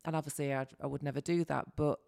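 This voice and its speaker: A woman's voice: low voice, steady tone, quick pace, vocal fry, darkish tone. A woman with a Mancunian accent hosting an interview, chatty and encouraging. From Salford, England. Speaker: podcast host. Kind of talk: casual interview chat.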